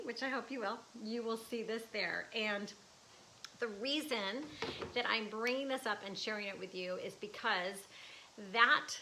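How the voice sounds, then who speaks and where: A woman's voice: a little high, pushed and bright, slight background noise, low-quality recording. A woman in her fifties, an artist chatting casually and emotionally in a live stream from her art studio, with laughs and restarts. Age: 50s. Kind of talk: casual livestream chat.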